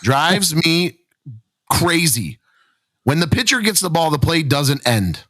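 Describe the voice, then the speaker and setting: A man's voice: fairly high pitch, expressive, slow, a bit bright, dry recording, studio quality. A man, co-hosting a coaching podcast, speaking emphatically and pleading with coaches and parents. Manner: emphatic, pleading, laughs often. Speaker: podcast co-host, softball coach. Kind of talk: casual podcast chat.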